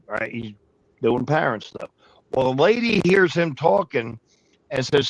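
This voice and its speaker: Man, mid-pitch, dry close mic, rambling profane storyteller, casual. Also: normal speed, no echo, low-quality recording. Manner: rambling, profane, animated anecdote telling.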